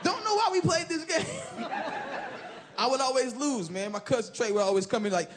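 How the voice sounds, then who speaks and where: A man in his thirties performing an animated stand-up comedy set on a club stage, shouting punchlines into a handheld mic. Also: very high-pitched, moderate pace. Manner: animated, loud punchlines, bursts into shouted impressions. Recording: live club recording with crowd laughter and noise.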